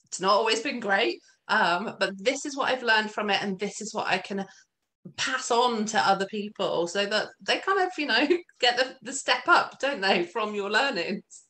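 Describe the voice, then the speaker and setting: A woman's voice: medium pitch, expressive, moderate pace, sharp tone. A woman hosting a casual interview chat, encouraging her guest and affirming what she says. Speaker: podcast host.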